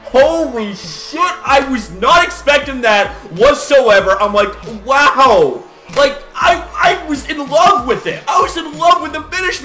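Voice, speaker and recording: A young man recapping wrestling results in an excitable vlog rant, swearing often and acting out his own shocked reactions. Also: very high voice. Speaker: wrestling vlogger.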